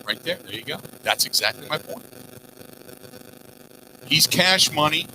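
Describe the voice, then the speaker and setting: A man hosting sports talk radio, animated, rambling through listener messages and asides. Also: a little high, unhurried, background noise. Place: outdoors at a golf course.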